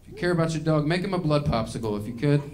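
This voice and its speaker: A man's voice: fairly high pitch, lively intonation, rapid-fire, a little mellow. A man performing a live stand-up set in a small venue, ranting and rambling with plenty of profanity. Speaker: stand-up comedian.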